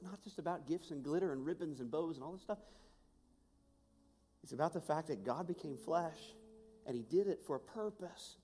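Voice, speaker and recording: A man preaching a sermon and telling a personal story, swinging between hushed and raised voice with passion. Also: on the high side. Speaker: pastor. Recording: long hall reverb with music behind.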